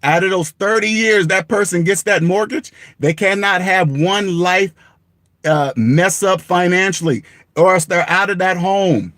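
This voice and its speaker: In a blunt rant delivered directly to the camera, a male personal finance vlogger hammers his points repeatedly, swears for emphasis, and laughs at himself. His high-ish voice is a bit bright and measured in pace, recorded in a dead-dry room.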